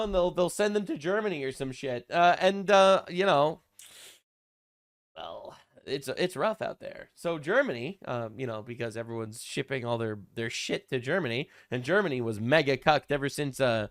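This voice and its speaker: A man's voice: on the high side, animated, normal speed. A young adult man giving casual online commentary, crude and mocking, rambling with lots of fillers. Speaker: commentary channel host.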